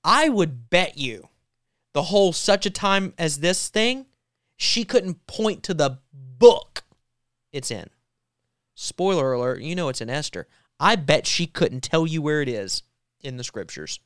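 A male talk show host giving sarcastic, animated commentary in a casual chat. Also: a little high, unhurried, no echo, studio quality. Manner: animated and sarcastic, mocks quotes.

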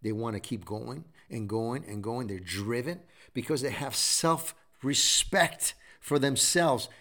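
This middle-aged man hosts a show, delivering a preachy motivational talk in a slow, mid-range, fairly bright voice. His speech is full of repeated exhortations.

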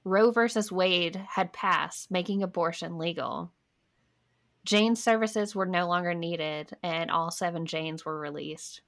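A woman's voice: fairly low pitch, measured pace, a bit bright. A young woman co-hosting a podcast, reading history notes aloud in a casual way and stopping for wry asides. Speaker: podcast co-host.

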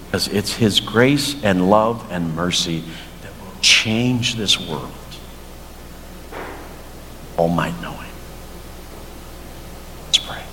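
A man, a pastor, preaching a sermon in a slow, earnest storytelling manner and leading a prayer. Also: low-pitched, sharp tone. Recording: long church reverb, faint noise.

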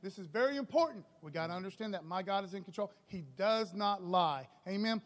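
A man preaching a sermon as pastor in a church, casual and energetic, peppering his talk with "okay" and "man.". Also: high voice, a little fast.

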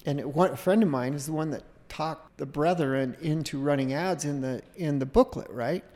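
A middle-aged man, a podcast guest, telling a long casual anecdote in a rambling, animated way, often breaking off and restarting. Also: a little high, moderate pace, big-room sound. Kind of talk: casual storytelling.

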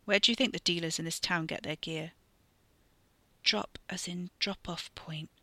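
A blunt, offhand young man, as a woman narrator reads him, his words clipped and short. The voice sits low but bright and forward, recorded close and dry. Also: fairly even intonation, moderate pace, dry recording. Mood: wry. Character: wry young man, recovering addict cousin.

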